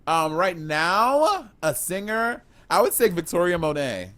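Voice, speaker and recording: Lively, laughing man co-hosting a podcast. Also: high voice, a little slow. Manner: animated, laughing, profane. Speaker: podcast co-host. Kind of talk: casual chat.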